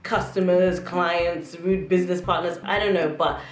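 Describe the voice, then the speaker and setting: A young woman ranting casually to camera in a sassy, animated way and acting out customers and managers as she talks. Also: on the low side, normal speed. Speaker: vlogger. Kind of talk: casual storytelling rant to camera. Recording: echoey room with faint music.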